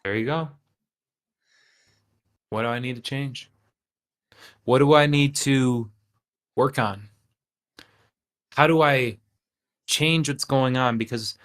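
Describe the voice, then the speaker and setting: Male streamer host, mid pitch, animated, rhetorical style. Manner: animated, rhetorical questions, frequent "right?". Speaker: trading channel host. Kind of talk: casual livestream talk.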